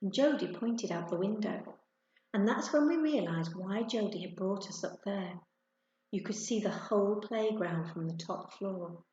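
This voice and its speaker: Lady reading a kids' story out loud, gentle, really echoey room, dull muffled sound. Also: medium pitch, a little slow. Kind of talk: storybook read-aloud.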